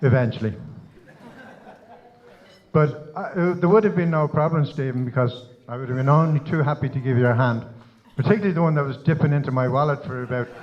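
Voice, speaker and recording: A man's voice: medium pitch, fairly quick. Joking Irish father giving a wedding speech. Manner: teasing, joke-telling. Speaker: father of the bride. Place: wedding reception. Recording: slightly dull lo-fi sound.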